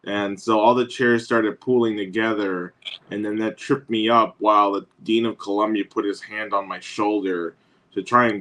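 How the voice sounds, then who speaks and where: A man's voice: on the low side, fairly bright tone, rough recording. A man guesting on a talk show, telling his story bluntly and casually, with some swearing. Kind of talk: casual remote interview.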